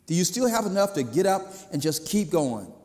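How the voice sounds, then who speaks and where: A male pastor delivering a sermon in an easy, conversational manner. His voice sits a bit high for a man, and it rings with a long reverb from the church around him. Now and then he slips into the voices of people he quotes. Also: big pitch swings, brisk, warm tone.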